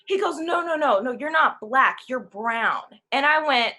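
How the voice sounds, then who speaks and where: On a talk panel, a woman in her twenties animatedly tells a personal story in a casual way, acting out the voices of the people in it. Her voice sits high, and she keeps a measured pace.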